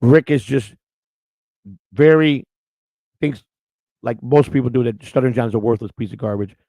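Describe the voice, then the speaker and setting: A middle-aged man hosts a livestream, rambling through stories and chatting crudely and emotionally with viewers in the live chat. His mid-range voice is mellow and moves at a normal speed, and the recording is dry.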